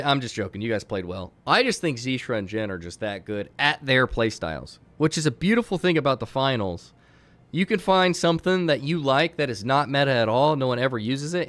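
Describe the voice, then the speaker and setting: A man's voice: medium pitch, a bit bright, no room sound. A man hosting a game tournament on a live stream. He talks casually to his chat, rambling with fillers and restarts.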